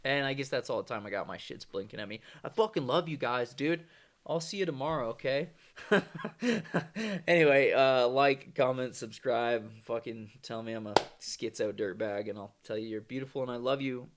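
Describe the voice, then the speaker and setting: A man's voice: medium pitch, brisk, background noise. A man delivering a casual, rambling vlog monologue, swearing freely in a loose, conversational manner. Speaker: vlogger.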